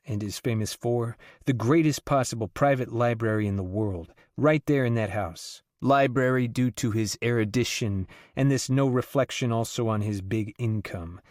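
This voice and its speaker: A man narrating an audiobook in a dramatic, rhythmic reading that swings in pace and loudness. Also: medium pitch, no room sound, studio quality.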